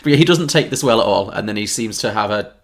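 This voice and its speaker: A man co-hosting a podcast, chatting casually about a film and retelling its scenes with quick asides. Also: lowish voice, lively intonation, creaky. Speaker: podcast co-host. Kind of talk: casual film review chat.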